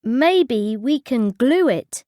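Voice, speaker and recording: A woman's voice: lively intonation, slow, dark tone, no room sound, studio quality. A woman voicing a nervous male football captain in a storybook. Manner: nervous, high-strung.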